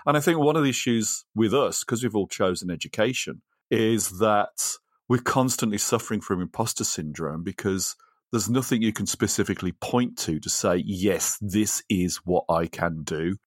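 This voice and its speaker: Man, podcast co-host, casual rambling chat, lowish voice, dry close mic. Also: animated, normal speed, no echo. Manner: rambling, chatty, laughs often.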